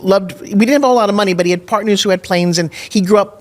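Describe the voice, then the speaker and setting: Her medium-pitched voice goes fast. A middle-aged podcast guest in a Nashville studio, she recounts a personal story candidly, with emphasis, dramatizing her own earlier thoughts.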